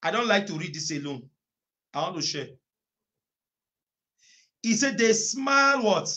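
A male preacher with a high voice and a forceful, bright tone. He speaks slowly and keeps repeating his lines. He stretches words out into loud shouts as he drives home a sermon for an online prayer meeting. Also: very animated. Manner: emphatic, repeats phrases, bursts into drawn-out shouts. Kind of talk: online sermon with scripture reading.

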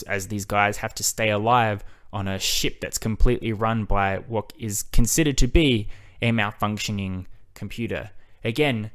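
A man's voice: medium pitch, smooth. A man hosting a film analysis video, talking in a casual, enthusiastic way and swearing now and then.

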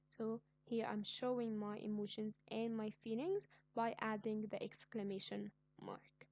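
A woman teaching an online grammar lesson, speaking slowly and clearly and repeating each example sentence. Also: fairly high pitch, fairly even intonation, a little mellow, dull audio. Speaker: English teacher.

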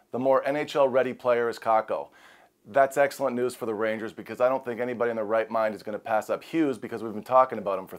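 A man talking eagerly as a hockey analyst, a little out of breath, in excited direct-to-camera commentary. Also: medium pitch. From Canada. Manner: eager, emphatic.

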